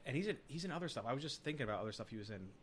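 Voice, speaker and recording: Fast-talking young man chatting casually. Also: medium pitch, animated, fairly bright tone, slightly rough. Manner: rambling, slangy, full of "like" and "dude". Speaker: podcast co-host. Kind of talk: casual chat about a movie.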